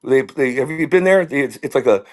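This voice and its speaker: A middle-aged man, a comedian, telling rambling stories in an animated way and dropping into voices. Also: mid-range voice, fairly quick. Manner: rambling, jumps into impressions and character voices. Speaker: comedian guest.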